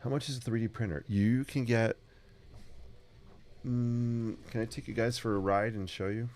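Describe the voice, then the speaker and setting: A man's voice: medium pitch, steady tone, normal speed, darkish tone. A man chatting casually with viewers during a live sketching stream in his home studio, upbeat and talkative. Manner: chatty, upbeat, talks to viewers while drawing. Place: home art studio with a 3D printer running. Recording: faint machine noise behind.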